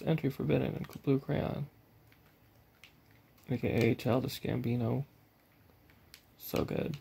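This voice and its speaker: Gravelly, rambling gaming host. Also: male voice, mid-range voice, darkish tone, slight background noise. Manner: rambling, self-deprecating, laughs often. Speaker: let's play host. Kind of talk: casual game commentary. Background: game music.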